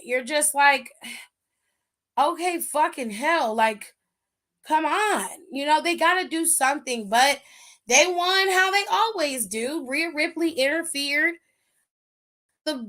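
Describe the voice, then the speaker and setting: A high-pitched woman, hosting in a loose, opinionated chat. She talks bluntly and with sass, swearing freely. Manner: blunt, sassy, profane, animated. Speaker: wrestling aftershow host. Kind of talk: casual opinionated recap.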